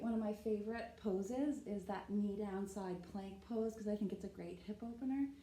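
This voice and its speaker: Leading a yoga class, a woman demonstrates the poses while she talks, frequently asking "right?" and sounding a bit winded from the movement. Her mid-range voice has a warm tone, heard through a reverberant, rough recording.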